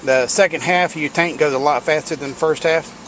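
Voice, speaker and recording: Man, slightly high voice, blunt and folksy, casual workshop talk, noisy garage recording, air conditioner hum. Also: fairly even intonation, brisk, fairly bright tone. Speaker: home mechanic showing welding work. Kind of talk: casual hands-on workshop commentary.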